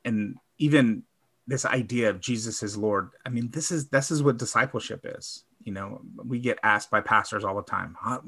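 A man reflecting on his faith in a casual conversation, often trailing off softly. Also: on the low side.

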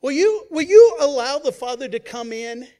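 A man preaching as a pastor, who swings between loud emphasis and quiet, hushed asides and acts out the voices he quotes. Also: very high-pitched, big pitch swings, normal speed. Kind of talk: sermon.

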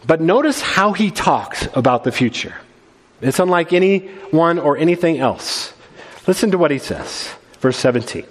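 A man's voice: fairly high pitch, animated, normal speed. A man preaching a sermon at a church service, reading scripture aloud and speaking in an earnest, emphatic way. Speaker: pastor. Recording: long hall reverb.

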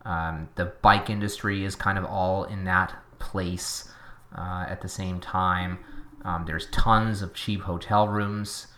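A man's voice: low-pitched, fairly even intonation, slow, pushed and bright, slight background noise. A man with a Boston accent co-hosting a podcast, chatting casually and opinionatedly, wandering into tangents. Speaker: podcast co-host.

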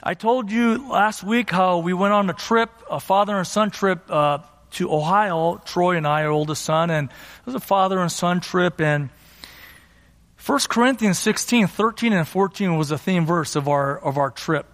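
A man's voice: high voice, normal speed, a bit bright, long reverb tail. A middle-aged man preaching a sermon as a pastor, emphatic and exhorting, often repeating his phrases. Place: church sanctuary.

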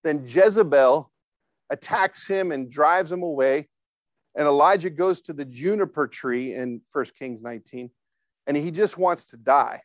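A man's voice: fairly high pitch, a little slow, no room sound. A man preaching a conversational sermon, often asking his listeners for a response. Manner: asks the congregation for responses; informal, with frequent fillers and restarts.

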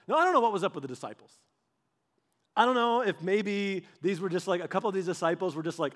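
A man's voice: high-pitched, fast talker. A man in his thirties, a pastor, giving a casual storytelling sermon and acting out the voices of the people in his stories. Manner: animated, acts out quoted voices; conversational, with filler "like" and restarts.

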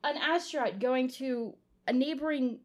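A young woman talks casually as a podcast co-host, musing about a story with plenty of pauses and fillers. She speaks at an ordinary pitch and trails off as she works through her thoughts. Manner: hesitant, with many restarts and fillers. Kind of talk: casual chat.

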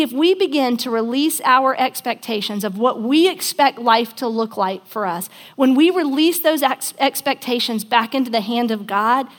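Brief: woman preacher with a fairly high voice, conversational storyteller, acts out the quotes in her sermon.

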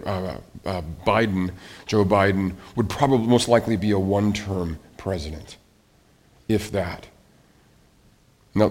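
A man preaching as pastor from the pulpit and leading a spoken prayer, earnest and pleading, often restarting and repeating phrases. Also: fairly low pitch.

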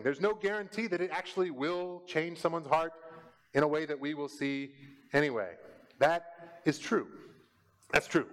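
A man preaching a sermon in an earnest, conversational way. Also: on the high side. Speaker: pastor.

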